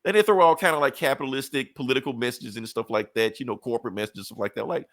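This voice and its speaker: Profane, animated male podcast host. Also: mid-range voice, fast talker, no room sound. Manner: profane, animated storyteller, slips into characters. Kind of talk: casual comic book recap.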